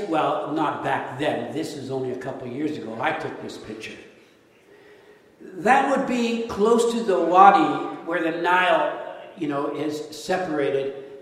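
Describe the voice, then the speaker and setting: Animated preacher in an echoey hall. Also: male voice, on the high side, far from the mic. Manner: animated, jokey, rhetorical questions. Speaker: pastor. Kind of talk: sermon with slides.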